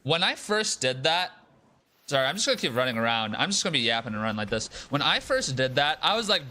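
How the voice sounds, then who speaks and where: A young man streaming a game, talking in a casual, profane, animated rant and repeating himself for emphasis. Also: fairly high pitch, fairly quick. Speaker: gaming streamer. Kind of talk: casual live-stream rant while gaming.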